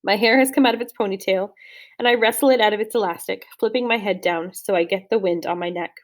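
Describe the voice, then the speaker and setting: This audiobook reader, a young adult woman, talks fast in a mid-range voice as she narrates a first-person novel. Her storytelling is steady, with an occasional slip and restart.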